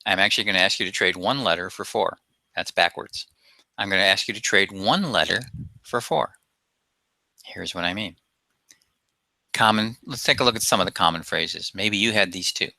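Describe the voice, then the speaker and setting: Man, self-help coach, webinar talk, emphatic, very bright forceful tone, dry close sound. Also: sits low, normal speed, vocal fry, long pauses, no room sound. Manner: emphatic, coaching with rhetorical questions. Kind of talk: webinar presentation.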